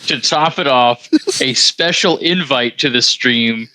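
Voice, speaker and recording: Podcast co-host guy, bright forceful voice, tosses in punchlines. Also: medium pitch, slow, low-quality recording. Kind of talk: casual comedic podcast chat.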